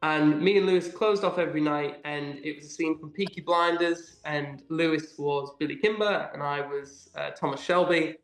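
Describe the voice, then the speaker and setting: A man's voice: a little high, moderate pace, hardly any pauses, fairly bright tone, roomy sound, faint music behind. A young man from England, an actor, chatting eagerly in a casual interview with lots of ums and likes. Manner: enthusiastic, many ums and likes. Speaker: actor guest. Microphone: video call.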